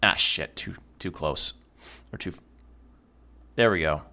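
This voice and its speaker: Lower-voiced man swearing through a game stream. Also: unhurried, creaky, pushed and bright. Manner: rambling, swears often while playing. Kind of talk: casual let's-play commentary.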